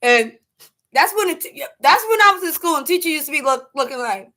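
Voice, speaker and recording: Animated high-voiced New woman. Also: brisk. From New York. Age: 40s. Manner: animated, joking, breaks into laughs and shouts. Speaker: livestream host. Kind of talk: casual livestream chat.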